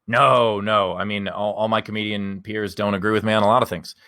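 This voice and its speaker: Low-voiced man telling a rambling story. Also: fairly even intonation, brisk, pushed and bright, dry recording. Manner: rambling, candid, swears freely. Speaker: guest comedian. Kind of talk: casual podcast storytelling.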